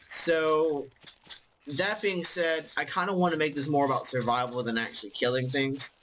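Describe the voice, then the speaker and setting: Man, bright voice, tired, casual gameplay commentary, rambling, ums and swearing. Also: on the high side, slight background noise, rough recording. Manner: rambling, full of ums, profane. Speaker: let's play host.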